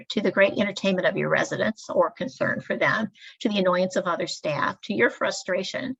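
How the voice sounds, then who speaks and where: A woman giving a measured, explanatory staff training lecture. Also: mid-range voice, vocal fry, fairly bright tone, husky. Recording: dull lo-fi recording.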